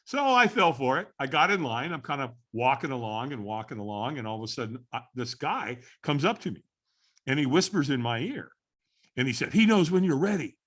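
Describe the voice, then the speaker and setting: A middle-aged man, a podcast guest, tells a story with animated repetition. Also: mid-range voice, a little fast. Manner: animated storyteller who repeats phrases for effect. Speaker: podcast guest, firewalking instructor.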